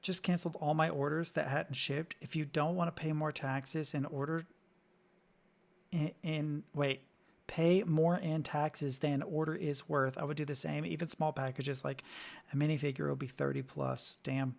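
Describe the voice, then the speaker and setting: A man's voice: fairly high pitch, steady tone, moderate pace, gravelly. A man from the Southern United States, streaming and ranting casually with lots of swearing while he reacts to clips. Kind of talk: live-stream reaction commentary.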